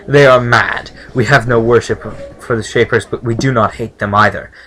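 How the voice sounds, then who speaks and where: A man reading the lines of a proud, wary male village leader from a game in a measured, formal way. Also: mid-range voice, steady tone, noisy background, lightly acted. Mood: stern.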